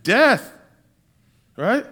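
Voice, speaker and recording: A man in his thirties from Massachusetts preaches with a high, bright voice that leaps up and down in pitch. He reads scripture slowly, then jokes and tells stories with the room. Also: slightly rough. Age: 30s. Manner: animated, joking storyteller with Bible readings. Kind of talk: sermon.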